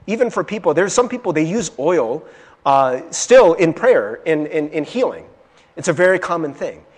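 A man preaching a sermon in an animated way, swinging from loud to hushed and often stammering as he restarts. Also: on the high side, big-room sound.

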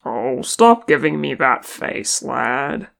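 A reader voicing a gruff, teasing male dwarf warrior who is tired and speaks bluntly, with a grumbling manner. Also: mid-range voice, unhurried.

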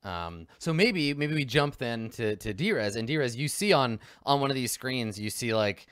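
A man's voice: medium pitch, lively intonation, unhurried, fairly bright tone, clear, resonant tone, no room sound, studio quality. A man narrating as game master of a tabletop role-playing game, rambling with lots of fillers.

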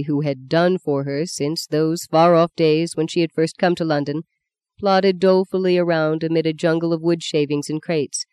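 Brief: steady novel narrator, mid-pitched, dry studio read. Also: clean tone, dry recording. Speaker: audiobook narrator.

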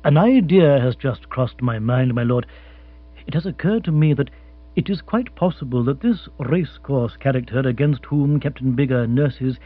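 A man voicing an unflappable, learned male butler who speaks in a formal, measured, deferential way. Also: mid-range voice, breathy edge. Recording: tinny phone-like sound with mains hum.

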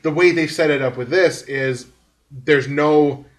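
A man's voice: fairly high pitch, unhurried. A man hosting a podcast, giving a rambling, filler-heavy breakdown in casual chat. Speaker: podcast host.

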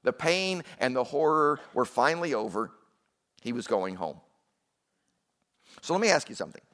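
A man's voice: medium pitch, big pitch swings, moderate pace, fairly bright tone. A man preaching a sermon in a conversational way, with asides and questions to the congregation. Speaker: pastor.

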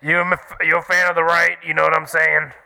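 A man putting on the voice of a gruff middle-aged male actor calling in by phone, blunt and aggressive. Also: a little high, level tone, quick pace, pushed and bright, full character voice, low-quality recording.

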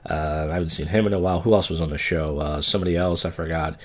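A young man with a low voice hosts his own podcast. He talks in a loose, meandering way, crude and quick to poke fun at himself. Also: fairly even intonation. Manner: loose, crude, self-deprecating storytelling. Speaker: podcast host. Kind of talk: casual rambling monologue.

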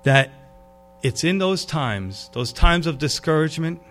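Man, preacher, sermon, lively then hushed, slightly high voice, soft music behind. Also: unhurried. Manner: animated, drops to a hush for emphasis. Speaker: pastor.

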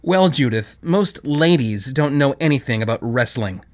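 A man's voice: medium pitch, expressive, moderate pace, close to an everyday voice. A man reading a story, voicing a poised, prim young woman who is dismissive and condescending.

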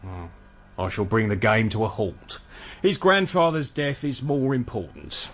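A man's voice: fairly low pitch, big pitch swings, unhurried, a bit bright, exaggerated voice. An actor playing a callous, sarcastic husband who bosses his wife around. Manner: sarcastic, bossy, flippant. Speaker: son-in-law Blake. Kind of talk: radio comedy drama.

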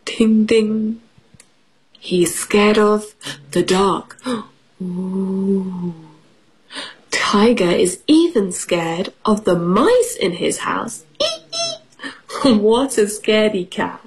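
A woman's voice: medium pitch, big pitch swings, extremely slow, pauses often, husky, rough recording. A woman teacher reading a picture book aloud to children, encouraging them and asking questions. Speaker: English teacher.

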